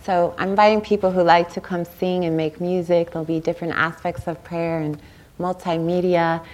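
A woman's voice: fairly low pitch, level tone, moderate pace. Woman giving a conversational dharma talk. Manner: warm conversational, seeks agreement with "right?". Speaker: meditation teacher. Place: meditation center hall.

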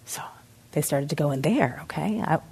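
Middle-aged woman, low voice, reflective mindfulness teacher explaining gently. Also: animated, moderate pace, gravelly, slightly rough. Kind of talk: teaching talk with a parable.

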